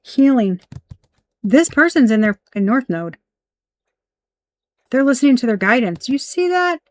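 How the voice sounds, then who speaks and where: Woman doing a tarot reading, kinda high voice, blunt and sweary, dry close sound. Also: very animated, a little slow, no echo. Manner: blunt, profane, emphatic. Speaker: tarot reader.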